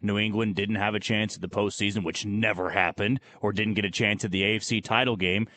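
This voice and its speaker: A man's voice: fairly low pitch, steady tone, brisk, fairly bright tone. A man co-hosting a sports radio show in casual chat, talking emphatically and agreeing with his partner. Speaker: radio co-host.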